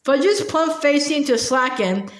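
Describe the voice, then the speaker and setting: A woman narrates a storybook in a steady, plain manner. Her voice is high. The recording carries a roomy echo. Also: takes it slowly. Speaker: audiobook reader. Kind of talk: storybook reading.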